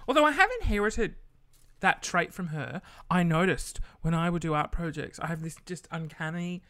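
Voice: medium pitch, little pitch movement, moderate pace, fairly bright tone. A podcast host telling a casual story, chatty and loose, swearing freely and acting out the people in it.

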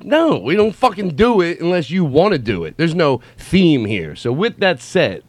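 A man hosting a casual comedy podcast, rambling and riffing, swearing and bursting into excited shouts. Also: on the high side, moderate pace, few pauses, no room sound. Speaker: podcast host.

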